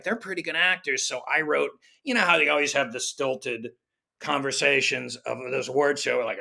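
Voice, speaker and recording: A middle-aged man telling showbiz stories in a relaxed chat, acting out the voices of the people he quotes with animated shifts. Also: mid-range voice, gravelly. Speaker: guest comedy writer. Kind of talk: conversational storytelling.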